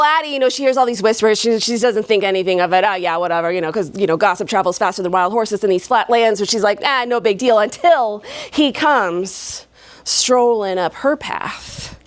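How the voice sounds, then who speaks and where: A woman's voice: medium pitch, normal speed, no room sound. A woman performing a live oral fairy tale for an audience, playful and chuckling, with folksy asides. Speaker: storyteller. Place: live stage before an audience.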